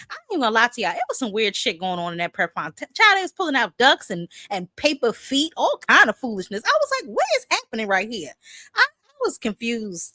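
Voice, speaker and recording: A sassy woman hosting a livestream, her voice swinging widely up and down as she reacts with theatrical outrage and laughter. She talks into a close mic in a dry, dead-sounding room at home, keeping it casual and loud in character. She throws in "honey" and "child" as she goes. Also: fairly high pitch, no echo. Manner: sassy, dramatic, calls viewers honey and child. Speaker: boxing livestream host.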